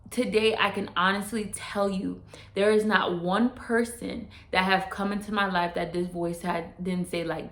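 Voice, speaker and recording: A woman's voice: mid-range voice, a bit bright. Woman vlogging life advice, earnest, repeats herself a lot, says "yo", echoey room. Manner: earnest, repeats and restarts phrases, speaks straight to the viewer; casual slang like "yo" and "straight up". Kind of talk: casual motivational talk to camera. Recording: roomy echo.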